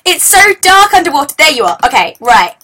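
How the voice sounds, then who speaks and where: A woman hosting a casual let's-play, chatting and excitably yelling at the game. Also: high-pitched, brisk. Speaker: gaming channel host.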